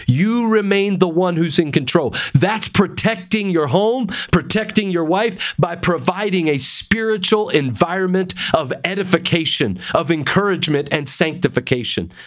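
A middle-aged male pastor preaching a sermon to young men at a camp, emphatic and repeating phrases for stress. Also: fairly high pitch.

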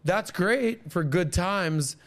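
Animated storytelling man. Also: slow pace. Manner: animated, acts out quoted people in higher voices. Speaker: podcast host. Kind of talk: casual storytelling chat.

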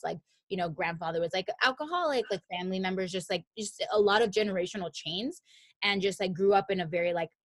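A woman's voice: lowish voice, no echo. Chatty young woman, lots of "like". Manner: rambling, heavy use of "like", animated quoted voices. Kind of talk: casual storytelling chat.

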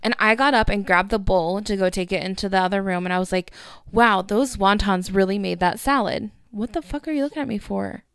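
A young woman trading stories in a loose, joking chat, swearing freely as she goes. Her voice is smooth and clear, and the sound is dry and close with no room around it. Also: medium pitch, fast talker, few pauses, fairly bright tone, no echo. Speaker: podcast co-host. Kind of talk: casual chat.

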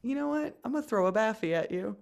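A woman's voice: on the high side, animated, quick pace, creaky, very noisy. A woman with an American accent, co-hosting a podcast in a jokey, playful way. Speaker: podcast co-host. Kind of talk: casual podcast chat.

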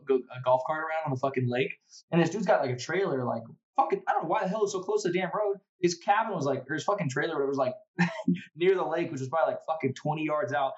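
A fairly high-voiced man talks in quick, lively bursts, swearing and laughing as he tells stories in a casual chat. The sound is a little dull and lo-fi. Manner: animated storyteller who swears a lot and laughs often.

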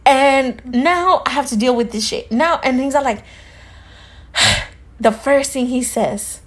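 Her voice sits high and a little bright, and she takes her time. As a podcast co-host chatting casually, she tells a story by voicing each side of the dialogue, swearing liberally and slipping in Spanish phrases.

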